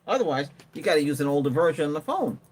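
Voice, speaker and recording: A man's voice: a little high, big pitch swings, brisk, a little hiss or hum. A man hosting a tech livestream, chatting casually and rambling while he answers viewer comments and laughs often. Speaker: livestream host.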